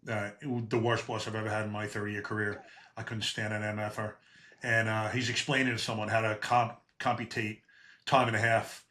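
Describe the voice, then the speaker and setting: Blunt, bright-voiced podcast host. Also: male voice, fairly low pitch, flat delivery, fairly quick. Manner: blunt, profane storyteller. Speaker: podcast host, retired police officer. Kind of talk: conversational interview.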